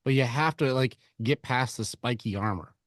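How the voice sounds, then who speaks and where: A man's voice: mid-range voice, normal speed, no room sound, clean studio sound. A man coaching another man in a conversation, blunt and given to swearing, who acts out both sides of arguments. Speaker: relationship coach.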